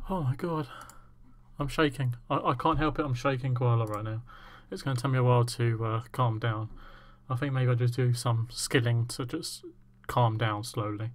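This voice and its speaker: Overjoyed man shouting in triumph. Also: medium pitch, fairly even intonation, normal speed. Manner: overjoyed, shaky, repeats himself, swears. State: trembling with excitement. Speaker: gaming YouTuber. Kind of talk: excited gameplay commentary.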